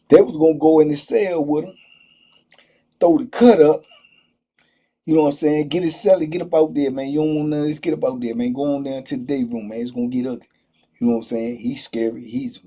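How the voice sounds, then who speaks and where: A man hosting a channel, telling prison stories in an animated, slang-heavy way, full of excitable asides. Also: fairly high pitch, fairly quick. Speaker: storyteller host.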